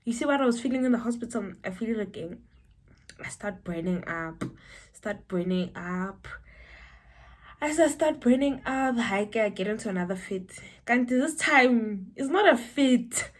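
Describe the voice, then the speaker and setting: A young South African woman telling a personal story to camera, animated and breaking into high exclamations. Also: normal speed. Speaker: vlogger.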